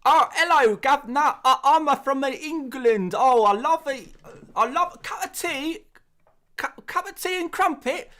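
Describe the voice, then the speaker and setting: A hammy, sing-song American man putting on a cartoonish English voice, pitched far above his usual speech and delivered loudly. Every line is overblown and theatrical. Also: expressive, a little slow, full character voice. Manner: exaggerated, sing-song, high and loud. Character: American man doing an over-the-top English impression.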